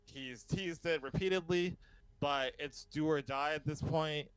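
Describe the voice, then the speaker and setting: A man hosting a casual podcast chat, enthusiastic, laughing often and filling pauses with ums. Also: fairly high pitch, smooth, no room sound, rough recording. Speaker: podcast host.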